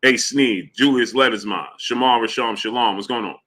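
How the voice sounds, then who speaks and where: A man's voice: mid-range voice, normal speed. A man hosting a boxing live stream, greeting chat viewers by name between emphatic, questioning commentary. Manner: shouts out chat names between points, rising emphatic questions. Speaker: boxing channel host.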